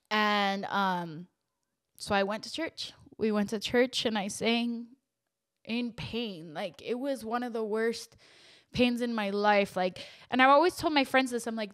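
A young woman hosting a podcast, telling a painful personal story in a halting, emotional way, close to tears. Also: medium pitch. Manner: emotional, halting, with many fillers and restarts. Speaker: podcast host.

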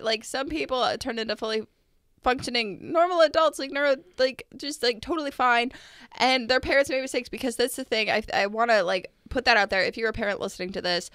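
A woman co-hosting a podcast in casual conversation, earnest and animated, with many "like" fillers. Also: fairly high pitch, no echo, clean studio sound. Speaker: podcast co-host.

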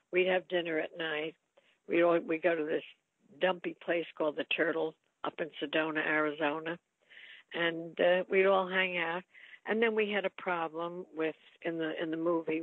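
A woman's voice: lowish voice, no room sound. Older lady reminiscing, dry close sound, chatty, quotes people a lot. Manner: chatty storyteller, lively quoted asides. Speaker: actress guest. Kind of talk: reminiscing interview. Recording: tinny phone-like line.

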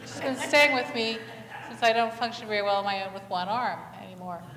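A woman's voice: mid-range voice, fairly quick, a crowd in the background. Woman pastor preaching in an echoey church. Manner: asks the congregation many questions, animated storytelling. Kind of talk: conversational sermon. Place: church sanctuary. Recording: echoey church hall, faint ambience.

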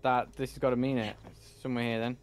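A man's voice: mid-range voice, level tone, quick pace, a little hiss or hum. A man commentating casually over his game, thinking aloud, rambling, and swearing freely. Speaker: gamer.

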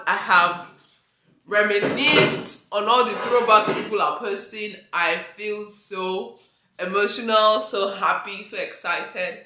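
A woman in her twenties from Nigeria, with a Nigerian accent, chatting excitedly in a home vlog and slipping into Yoruba. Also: medium pitch, a little slow, roomy sound, noisy background. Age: 20s. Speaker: vlogger. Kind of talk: casual vlog chat. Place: home kitchen, indoors.

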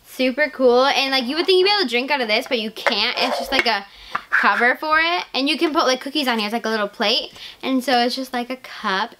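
A teenage girl vlogging casually to camera, gushing and excitable, full of "like" and "legit.". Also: fairly high pitch, slight background noise. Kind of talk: casual haul vlog.

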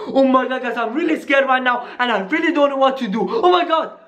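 A vlogger in a staged scary phone-call skit, excitable and talking straight to viewers, dropping into hushed tones at times. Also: high voice, fast. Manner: excitable, keeps saying "guys", drops to hushed tones.

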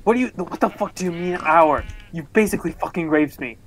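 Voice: medium pitch, brisk, a little hiss or hum. A young adult gamer in voice chat, swearing constantly and laughing to tears. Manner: swearing, laughing till crying. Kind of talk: casual gaming chat.

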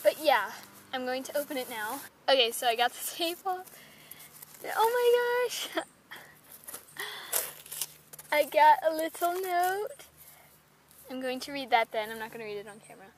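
A woman's voice: high-pitched, animated, fairly quick, a little hiss or hum. A teenage girl vlogging as she opens a package from a friend, gushing and giggling, exclaiming over each item. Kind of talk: excited package-opening vlog.

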